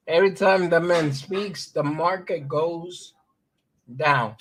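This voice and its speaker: A man hosting a casual crypto livestream, rambling and offhand, and reading news aloud haltingly. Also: on the high side, a bit bright, poor audio. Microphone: streaming mic.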